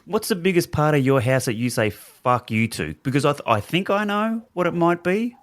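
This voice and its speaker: A man's voice: on the high side, sing-song, moderate pace. Aussie cohost guy, teasing banter, voice bounces up and down a lot. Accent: Australian. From Australia. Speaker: podcast co-host. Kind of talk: casual podcast chat.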